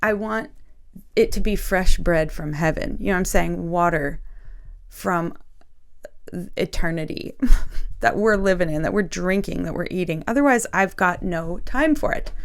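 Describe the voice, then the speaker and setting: A woman's voice: on the low side, unhurried. Earnest woman sharing a spiritual message. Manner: earnest, emotional, addresses viewers directly with frequent "okay?". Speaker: faith video host. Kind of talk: casual spiritual talk to camera.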